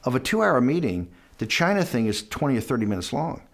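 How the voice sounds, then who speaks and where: A man's voice: medium pitch, big pitch swings, fast, creaky. A middle-aged man telling a long anecdote in a documentary interview, acting out bits of dialogue and often restarting his sentences.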